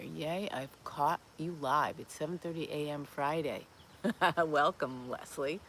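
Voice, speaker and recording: A woman's voice: low-pitched, slow, fairly bright tone, slight background noise. A woman in her fifties hosting a live Q&A stream, chatting in a rambling way with lots of fillers and restarts as she answers viewer comments. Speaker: host of a plant-based cooking channel.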